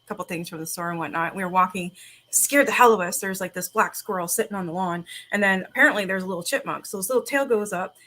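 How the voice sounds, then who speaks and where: Laughing, bright-voiced woman podcast host. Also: medium pitch, quick pace. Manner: laughing storyteller, swears freely. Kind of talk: casual chat.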